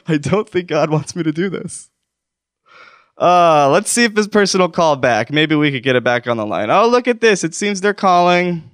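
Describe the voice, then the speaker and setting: A man's voice: fairly high pitch, lively intonation, moderate pace, clear, resonant tone, dry recording, studio quality. A man hosting a comedic call-in show, talking in a rambling, self-deprecating, mock-wounded way.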